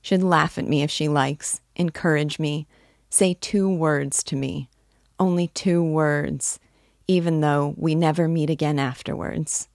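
Woman voicing a timid lonely young man, earnest and pleading, low voice, dry sound. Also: fairly even intonation, unhurried, gravelly, darkish tone, no echo. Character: shy lonely dreamy young man of twenty-six.

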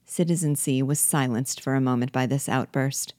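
A woman reading a classic novel aloud in a measured, even storytelling manner. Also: extremely low pitch, no room sound. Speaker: narrator.

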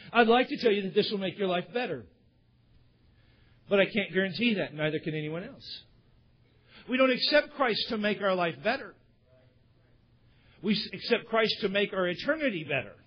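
A man's voice: high-pitched, breathy edge. A male pastor preaching a sermon, telling stories with candid, conversational asides to his congregation, on a dull lo-fi recording. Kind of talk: sermon with storytelling. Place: church service.

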